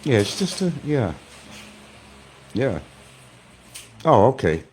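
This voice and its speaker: A man's voice: mid-range voice, big pitch swings, slow pace, darkish tone, slight background noise. A man hosting a stream, giving casual, sarcastic commentary and taunting the person he talks about from an indoor room. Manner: sarcastic and taunting, addressing his target as "son". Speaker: stream host.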